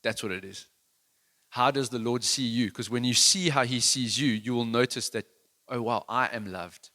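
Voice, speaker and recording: A man's voice: medium pitch, normal speed, pushed and bright. A man preaching a sermon in an earnest, conversational, self-deprecating way, with many restarts. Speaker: worship leader giving a sermon.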